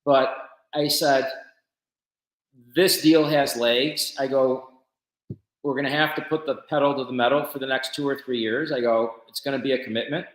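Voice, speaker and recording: A man's voice: medium pitch, fairly even intonation, a little fast, reverberant, rough recording. A man, a business founder, tells his story casually in an interview and acts out the conversations he quotes.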